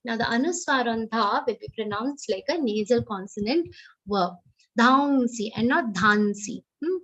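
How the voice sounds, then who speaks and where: High, bright woman teaching recitation. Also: expressive, dull audio. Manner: slow, careful chanting of verses, then explaining each sound. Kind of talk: online recitation class. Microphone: online call microphone.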